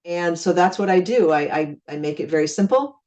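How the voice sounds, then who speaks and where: This is an expressive middle-aged woman from Minnesota whose darkish, lowish voice moves fairly quickly. Her informal network marketing talk is chatty, with conversations acted out through friendly repeated phrases, and she's recorded far from the mic.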